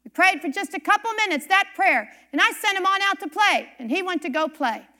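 High, bright-voiced woman preacher. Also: brisk. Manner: animated storytelling, emphatic repetition. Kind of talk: sermon testimony.

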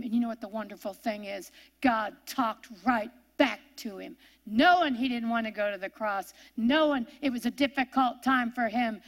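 A woman teaching a sermon, reading scripture slowly and phrase by phrase, dwelling on each word. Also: a little high. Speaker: Bible teacher.

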